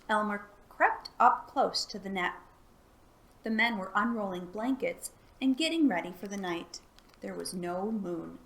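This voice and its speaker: Soft-spoken lady reading a kids' chapter book out loud, calm and gentle. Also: medium pitch, measured pace, vocal fry. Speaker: library storytime reader. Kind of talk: storybook read-aloud.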